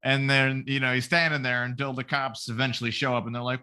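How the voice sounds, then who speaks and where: A man's voice: medium pitch, fairly even intonation, fast talker, hardly any pauses, bright, forceful tone, clean tone. A man on a podcast, retelling a story as a profane comedy bit with silly voices for each character. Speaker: podcast host. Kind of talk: casual comedic podcast chat.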